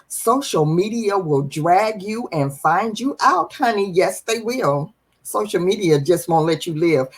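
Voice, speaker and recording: Woman livestream host, chatty and lively, greets viewers one by one. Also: medium pitch, breathy edge. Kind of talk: live-stream chat show.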